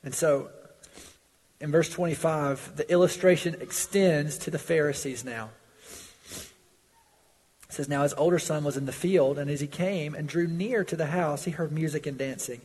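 A man preaches in a slightly husky voice, earnest and emphatic, pushing his volume up on pleas and letting it sink on sober points. He speaks in a church sanctuary, and long reverb trails after his words. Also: moderate pace. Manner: earnest preaching, swells loud on pleas and drops low on warnings. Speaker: pastor. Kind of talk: sermon.

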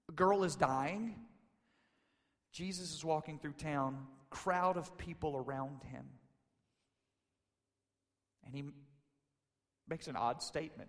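A man preaching a sermon, retelling a story casually in quoted voices and rising to loud, emphatic peaks. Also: medium pitch. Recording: long reverb of a large hall.

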